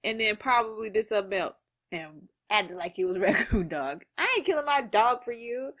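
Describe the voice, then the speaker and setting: A woman reading a manga aloud and reacting to it in a lively, slangy way, laughing often. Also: medium pitch, moderate pace.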